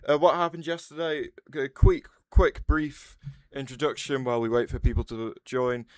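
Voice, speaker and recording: Smooth-voiced man chatting on stream. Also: medium pitch, flat delivery, moderate pace, no echo. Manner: rambling, restarts sentences, answers chat aloud. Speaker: livestreamer. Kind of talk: casual livestream chat.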